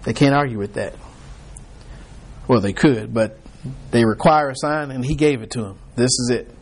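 A man's voice: mid-range voice, moderate pace, husky. A man leading an informal Bible study, talking conversationally with frequent restarts and acting out people's reactions.

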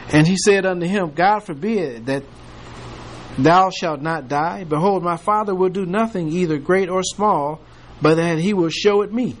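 Folksy man teaching from scripture. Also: high-pitched. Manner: reads scripture aloud then retells it with playful humor and laughter. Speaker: Bible study teacher. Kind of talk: casual Bible study teaching.

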